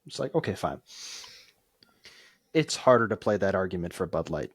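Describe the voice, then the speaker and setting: A man's voice: deep voice, big pitch swings, normal speed, breathy edge. A man co-hosting a podcast in casual chat, easygoing and often giving short agreeing replies. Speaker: podcast co-host.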